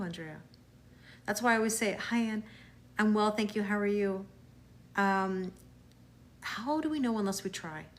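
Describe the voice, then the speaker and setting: A Canadian woman with a medium-pitched voice hosts a live tarot stream, welcoming viewers and responding to them along the way. She sounds friendly and comforting, though she frequently stumbles and starts her words over. There's a slight hiss or hum in the recording.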